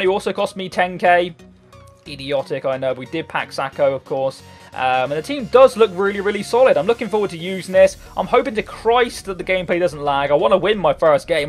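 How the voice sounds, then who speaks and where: An excitable lad in his twenties calls his own match as he plays it. His pitch leaps all over the place, from low mutters up to sudden yells, and he swears freely. Faint music plays underneath. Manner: excitable, swears often, bursts into loud shouts at goals. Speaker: gaming YouTuber. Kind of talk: live gameplay commentary. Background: faint background music.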